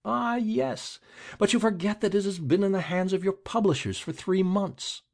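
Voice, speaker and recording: A man voicing a grim, rasping middle-aged male deputy who questions relentlessly. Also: high-pitched, moderate pace, voice pushed up. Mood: accusing.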